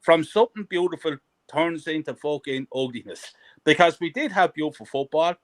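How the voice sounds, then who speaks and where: A man on a stream call rants about his football club, sweary and emphatic. His voice runs high and swings widely as he repeats words for emphasis. He sounds close to boiling over. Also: lively intonation, normal speed. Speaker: guest fan. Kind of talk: heated football rant.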